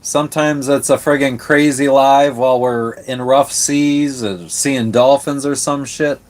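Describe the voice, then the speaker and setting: A man's voice: medium pitch, steady tone, unhurried. Laid-back swearing sailor man. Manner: laid-back, swears casually, rambling with restarts. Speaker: livestream host answering chat. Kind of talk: casual live-stream chat. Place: on a sailboat.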